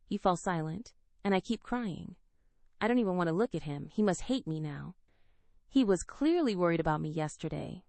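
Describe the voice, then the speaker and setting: A woman narrating a first-person romance story with an emotional, expressive delivery. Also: lowish voice, moderate pace, gravelly, no room sound. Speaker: audiobook narrator.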